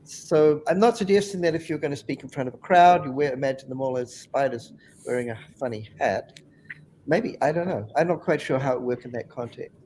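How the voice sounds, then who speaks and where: A man's voice: medium pitch, brisk, darkish tone, a little hiss or hum. A man on a webinar panel telling funny anecdotes in a chatty way and laughing at his own stories.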